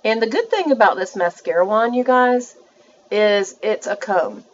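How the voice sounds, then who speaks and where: A woman's voice: medium pitch, expressive, moderate pace, lo-fi sound, a little hiss or hum. A woman, chatting through a makeup tutorial and talking to her viewers as she works. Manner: chatty, self-narrating, addresses viewers as y'all. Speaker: beauty vlogger.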